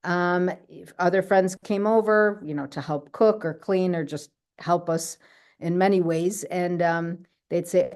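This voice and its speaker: This woman's voice is fairly low and darkish, steady in tone and unhurried. Chatting casually over a video call, she recounts how she healed, checking in with the listener again and again by asking "right?"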